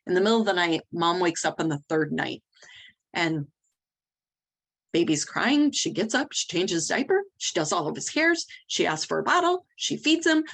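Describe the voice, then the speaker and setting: A woman's voice: fairly low pitch, moderate pace, creaky. A middle-aged woman who cares for newborns, telling a family's story in an interview in a candid, direct way. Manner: candid, direct, animated retelling. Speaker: nursery nurse leader.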